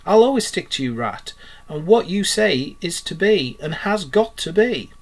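Shy wistful mole, put on by a man, higher pitched, hesitant. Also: very animated, unhurried, exaggerated voice. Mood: loyal wistful. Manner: loyal, hesitant.

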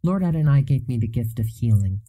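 A man's voice: medium pitch, animated, fairly quick, lightly acted, low-quality recording. A man voicing a caring school nurse. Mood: reassuring. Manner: gently chiding, then reassuring.

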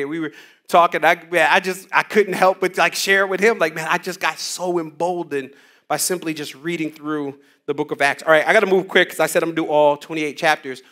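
A man's voice: fairly high pitch, fairly even intonation, fairly quick, a bit bright. A man leading a church Bible study on a headset mic, teaching with energy, casual slang and call-and-response lines to the room.

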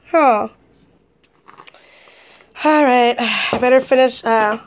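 High-voiced young mom, sing-song baby talk. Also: female voice, takes it slowly, long pauses. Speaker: vlogger and mother of twins. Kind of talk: casual home vlog. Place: home, at dinner time.

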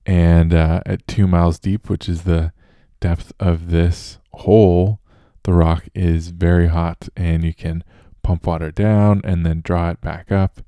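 Deep, flat-voiced male podcast host. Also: measured pace, smooth, dry recording, studio quality. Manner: relaxed and loose, with fillers and restarts. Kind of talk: casual solo podcast monologue.

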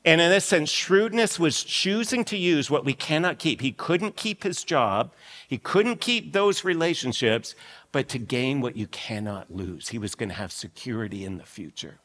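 A man preaching a sermon as lead pastor in an animated, conversational storytelling way. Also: medium pitch, moderate pace. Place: church sanctuary. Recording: long reverb of a church hall.

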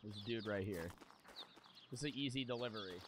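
A man's voice: lowish voice, brisk, background noise. A young man streaming a video game, chatting casually to his viewers, swearing and laughing as he plays. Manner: loud, swearing, talks to chat, laughs often. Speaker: gaming streamer. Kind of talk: casual let's-play commentary.

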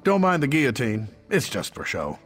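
A man's voice: medium pitch, huge pitch swings, normal speed, a bit bright. An actor playing a matter-of-fact male army captain in a video game, speaking in a plainspoken briefing tone.

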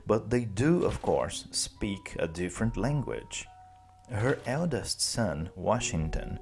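A man teacher narrating a classic story slowly and clearly for language learners. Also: deep voice. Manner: slow, clear, expressive.

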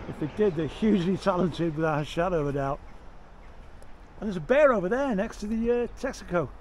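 A man's voice: high-pitched, a little mellow, a little hiss or hum, rough recording. Enthusiastic middle-aged man on a walk. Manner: enthusiastic, admiring, chatty. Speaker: vlogger touring villages. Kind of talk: walking tour vlog narration. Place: outdoors in a village, then inside a small shop. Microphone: action camera mic.

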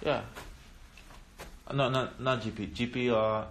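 A man in his twenties chatting loudly and playfully on a livestream from home, teasing the people around him. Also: medium pitch, fairly even intonation, takes it slowly, a little hiss or hum. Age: 20s. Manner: playful, teasing, loud banter. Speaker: athlete hosting a livestream. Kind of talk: casual livestream chat. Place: at home indoors.

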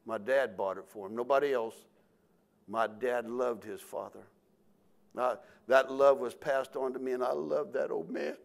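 A man's voice: mid-range voice, a little slow, vocal fry. Folksy older male pastor telling stories. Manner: folksy storytelling, acts out voices and shouts. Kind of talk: sermon.

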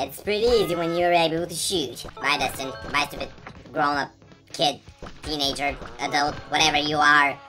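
Low-voiced woman teasing game characters. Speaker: gameplay commentator. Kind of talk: playful let's-play commentary. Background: game music.

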